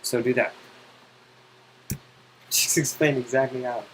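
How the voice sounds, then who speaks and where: A man tutoring someone in code, impatient and teasing, explaining in quick exasperated bursts. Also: medium pitch, fairly even intonation, a bit bright, a little hiss or hum, rough recording. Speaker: coding tutor. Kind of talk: casual screen-side coding help.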